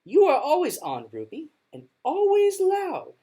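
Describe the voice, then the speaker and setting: A woman doing a gentle, patient schoolteacher. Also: high-pitched, wildly swooping pitch, a little slow, voice pushed up, heavily acted. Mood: coaxing.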